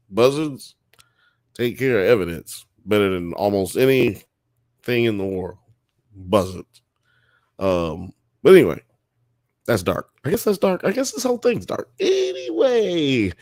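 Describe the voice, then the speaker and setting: Rambling man, slow chatty drawl. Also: mid-range voice, no echo, studio quality. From Alabama, US South. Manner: rambling, swears freely, uses sound effects to explain. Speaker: livestream podcast host. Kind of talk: casual livestream chat.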